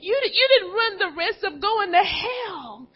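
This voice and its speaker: A woman preaches with a very high, emotional voice that often cracks as if near tears. The recording sounds dull and lo-fi, with the top end rolled off. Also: animated, a little slow. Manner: impassioned, tearful preaching voice. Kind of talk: sermon.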